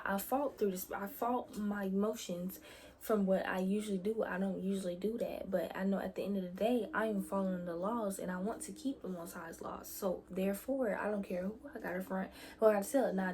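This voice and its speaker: A young woman vlogger telling a story about her faith in a casual, chatty way, often dropping into soft whispered asides. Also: medium pitch, slight background noise.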